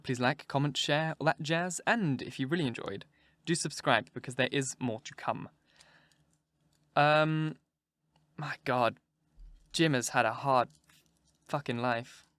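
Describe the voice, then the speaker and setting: A man's voice: mid-range voice, fairly bright tone, no room sound. A man who narrates audiobooks and hosts his channel, chatting candidly and swearing freely after the reading. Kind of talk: audiobook reading, then casual sign-off chat.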